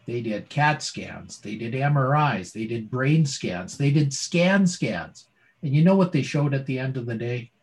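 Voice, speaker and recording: A man's voice: mid-range voice, expressive, measured pace, low-quality recording. A middle-aged man, a former doctor and now a speaker, telling his story as an interview guest with dramatic pacing and rhetorical questions.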